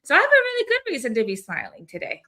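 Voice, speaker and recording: A woman's voice: extremely high pitch, huge pitch swings, quick pace, sharp tone. A woman co-hosting a weekly community call in casual, bubbly chat, laughing often and swearing now and then.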